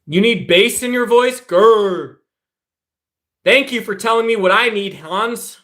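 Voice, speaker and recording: A man's voice: very high voice, moderate pace, bright, forceful tone. A man ranting heatedly at his livestream chat, confrontational and addressing viewers directly. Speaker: political streamer. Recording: echoey room.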